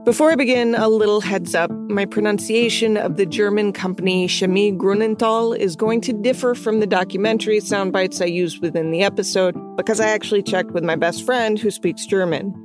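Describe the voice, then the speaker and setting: A woman hosting a podcast, giving scripted history narration in an even, measured read with chatty asides. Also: mid-range voice, music in the background. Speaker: podcast host.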